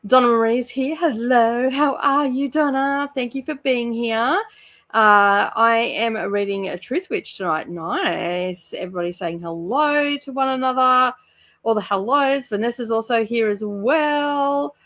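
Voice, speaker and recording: A woman's voice: a little high, unhurried, a bit bright. Chatty Australian woman hosting a stream. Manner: chatty, reads out viewer comments, laughs often. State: sluggish and tired. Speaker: channel host running a reading sprint livestream. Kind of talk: casual livestream chat. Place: home room by her bookshelves.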